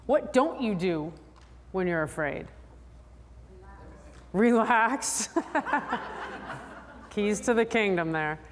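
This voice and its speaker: A woman psychologist giving a lively, chatty talk to a convention audience, drawing answers from the crowd. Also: very slow, pauses often, slight background noise. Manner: animated, chatty, acts out riders in high voices. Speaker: sports psychologist presenter. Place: large convention hall. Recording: long hall reverb.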